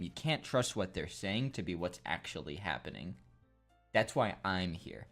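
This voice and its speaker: A young man commenting on a game in a rambling, crude and joking way, swearing often. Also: on the low side. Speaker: gameplay commentator. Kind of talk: casual gameplay commentary.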